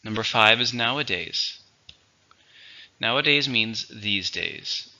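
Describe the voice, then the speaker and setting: A man teaching English vocabulary, speaking slowly and clearly. His voice is fairly low but very bright and forceful, with plenty of movement in pitch. The recording sounds somewhat dull and lo-fi. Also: animated. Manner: slow, clear, instructive delivery. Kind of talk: vocabulary lesson.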